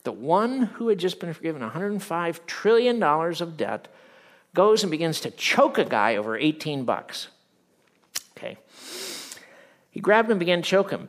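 Animated man preaching a sermon. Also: high voice, moderate pace. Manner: animated, swings from loud acted quotes to hushed earnest tones. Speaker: pastor.

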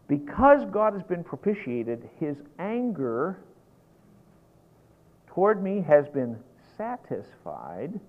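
Animated folksy male preacher, tinny recording. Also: a little high, slow pace. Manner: animated and folksy, gets worked up. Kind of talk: sermon.

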